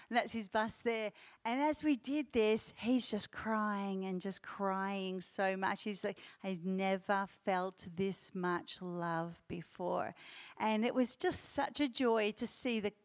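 A woman telling a church congregation an animated story from a mission trip, acting out the people she quotes. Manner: acts out quoted voices with rising pitch. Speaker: church speaker reporting on a youth mission trip.

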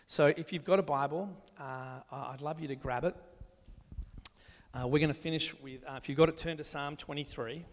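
A man preaching a sermon, talking his congregation through scripture reading and reading a psalm slowly and gently. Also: on the high side. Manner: gentle, slows down to read scripture aloud. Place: church hall. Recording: long echo of a large hall.

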